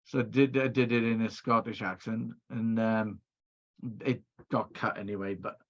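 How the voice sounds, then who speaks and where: A man's voice: on the low side, fairly even intonation, normal speed, highs cut off. A middle-aged Welsh man, a video producer, chatting over a video call and telling stories with many restarts. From Wales. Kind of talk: casual interview chat.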